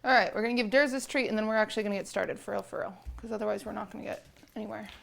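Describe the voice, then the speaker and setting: A young woman in the middle of a casual live stream, chatting to viewers and breaking off to coo at her cat. Her voice sits at an ordinary middle pitch with a good amount of fry running through it. She sounds relaxed and talkative, as if at home in her kitchen. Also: very fast.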